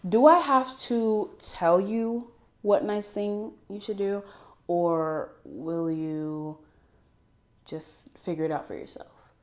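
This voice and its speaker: A woman's voice: medium pitch, slow pace, darkish tone. Bubbly giggly young woman vlogger. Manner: bubbly, giggly, chatty with many fillers. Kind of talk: casual chat to camera.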